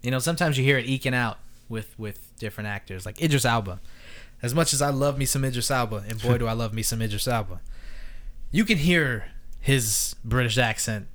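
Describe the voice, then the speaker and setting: A male podcast host in loose, offhand chat, cursing freely and poking fun at himself. His voice sits at an ordinary middle pitch for a man. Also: brisk, a bit bright. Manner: loose, swearing, self-mocking. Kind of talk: casual chat.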